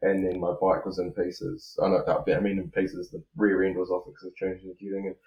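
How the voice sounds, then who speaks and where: A New man with a notably deep voice talks loosely and casually, full of ums and restarts. The recording has a roomy echo around him. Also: brisk, highs cut off. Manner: relaxed, rambling, many fillers and restarts. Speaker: podcast co-host, freestyle motocross rider. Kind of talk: casual podcast chat.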